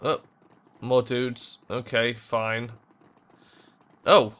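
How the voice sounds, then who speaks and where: Gravelly-voiced young man playing a game. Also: mid-range voice, measured pace, a bit bright. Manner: reads game text aloud, offhand remarks. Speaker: let's play host. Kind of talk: casual game commentary.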